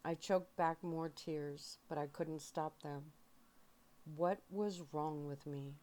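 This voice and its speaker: A woman reading a young adult novel aloud in first person, in a soft-spoken ASMR style with feeling. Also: low voice, slow pace. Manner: calm, emotional first-person narration. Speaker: audiobook reader.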